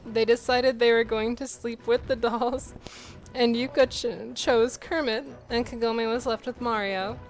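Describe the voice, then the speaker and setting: A woman's voice: a little high, steady tone, unhurried, soft background music, rough recording. A woman co-hosting a gameplay video, reading fan fiction aloud in a casual, giggly way that keeps breaking into laughter. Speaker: co-host of gameplay channel.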